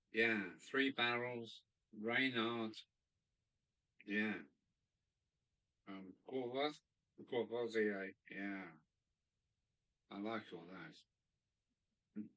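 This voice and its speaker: Slow, bright-voiced man chatting casually. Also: fairly low pitch, fairly even intonation, poor audio. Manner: rambling, chatty, musing aloud. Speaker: host of a live stream. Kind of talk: casual chat reading viewer comments. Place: hobby room in a loft.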